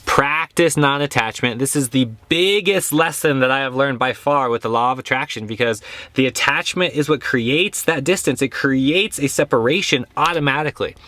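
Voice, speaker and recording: A man's voice: mid-range voice, moderate pace, bright, forceful tone, no room sound. A young man, a yoga teacher, giving a casual and earnest spiritual talk, repeating phrases for stress.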